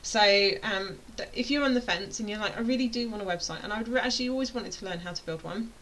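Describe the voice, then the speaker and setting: A woman's voice: mid-range voice, fast talker, rough recording. British woman, online course tutor; rambling, playful, self-interrupting delivery with faint hiss behind her. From United Kingdom. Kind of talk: casual chatty explainer.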